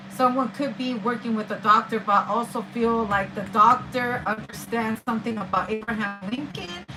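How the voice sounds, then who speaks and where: A woman gives a casual, rambling tarot reading, swearing often and using street slang in a spiritual monologue. Her voice is fairly high, with background noise and music playing behind her.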